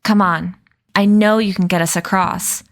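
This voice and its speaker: Brief: woman voicing a fierce young woman, blunt and impatient, slightly raised pitch. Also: steady tone, a little slow, gravelly. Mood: urgent. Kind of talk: reading a novel aloud on a stream.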